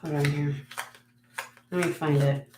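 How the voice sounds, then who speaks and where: A woman's voice: deep voice, little pitch movement, unhurried, warm tone. A woman hosting a casual tarot reading vlog, chatty and frank, swearing freely and laughing at herself. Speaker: tarot reader and channel host. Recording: echoey room with faint noise.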